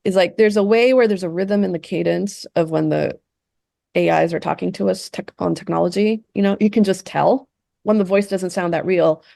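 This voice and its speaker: Woman, low voice, gravelly, casual group talk, lots of fillers, dry close sound. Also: normal speed, mellow, no room sound. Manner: conversational, many fillers and tag questions. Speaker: meditation session leader.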